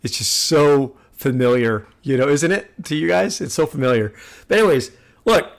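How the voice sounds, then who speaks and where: A man's voice: on the high side, moderate pace, gravelly. A man hosting a music reaction video, talking earnestly and repeating himself like a sermon. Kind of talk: casual reaction commentary.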